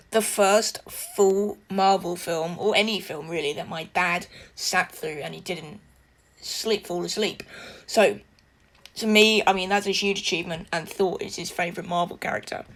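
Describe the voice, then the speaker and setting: A woman's voice: fairly low pitch, fairly even intonation, normal speed, fairly bright tone. A young woman giving a casual spoken movie review, chatty and rambling with lots of fillers and restarts.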